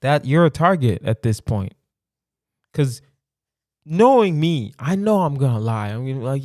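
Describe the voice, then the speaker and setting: A man's voice: medium pitch, sing-song, moderate pace, long pauses, a little mellow, no room sound, studio quality. Playful, rambling male podcast comedian. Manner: playful, rambling, thinks aloud with lots of "right?". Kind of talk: solo podcast monologue.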